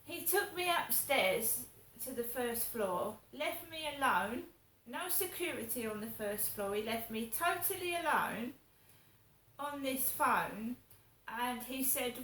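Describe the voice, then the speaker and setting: A woman's voice: a little high, animated, slow pace, bright, forceful tone. Indignant woman ranting. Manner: indignant, repetitive complaining, swears. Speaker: vlogger. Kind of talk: casual ranting monologue. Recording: echoey room with faint ambient noise.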